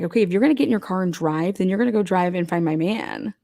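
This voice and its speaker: A woman's voice: lowish voice, very fast, mellow. A woman giving casual, profane true crime commentary, blunt and heated, firing off rhetorical questions.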